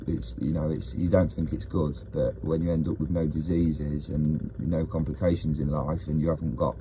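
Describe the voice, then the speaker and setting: A man's voice: very deep voice, mellow, slight background noise. A man, ranting in a rambling casual video monologue, often breaking off mid-sentence. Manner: rambling, self-interrupting rant. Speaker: vlogger.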